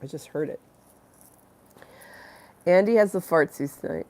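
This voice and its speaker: A woman's voice: fairly low pitch, a little slow, long pauses, mellow. A congested woman hosting a live stream, rambling and giggly as she chats with viewers and reads the chat aloud. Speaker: livestream host.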